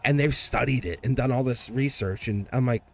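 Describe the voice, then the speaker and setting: A man's voice: mid-range voice, a little fast. A man reading tarot on a livestream, chatting casually, laughing often and rambling through stories where he keeps quoting himself. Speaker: tarot reader. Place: home studio. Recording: faint music behind.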